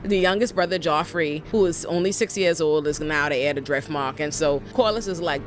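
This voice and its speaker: A woman giving a casual TV episode breakdown, animated, profane and full of slang, and she acts out the characters as she goes. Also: sits low, fairly quick, soft background music. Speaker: TV recap vlogger.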